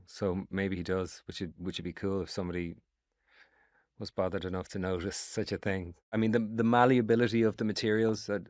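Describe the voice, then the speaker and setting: A middle-aged Irish actor in a casual interview, telling long rambling stories with lots of swearing. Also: male voice, sits low, no room sound, clean studio sound. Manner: rambling, animated storytelling with swearing. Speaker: actor guest.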